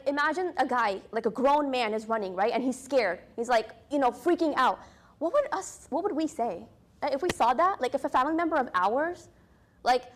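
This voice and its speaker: A young adult woman teaching an Islamic studies class in a casual, storytelling way, often asking "right?" and using many fillers. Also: sits high.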